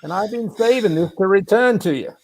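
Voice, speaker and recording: A man voicing a loud, kindly older man who is hard of hearing and talks in a raised voice. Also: sits high, animated, fairly quick, voice pushed up. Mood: insistent. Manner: speaks loudly, friendly and cheeky.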